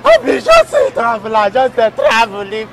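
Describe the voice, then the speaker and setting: A terrified Nigerian traveler. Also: male voice, very high voice, wildly swooping pitch, normal speed, exaggerated voice. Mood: pleading. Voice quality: desperate pleading. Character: terrified young male traveler pleading innocence. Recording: loud outdoor crowd and street noise.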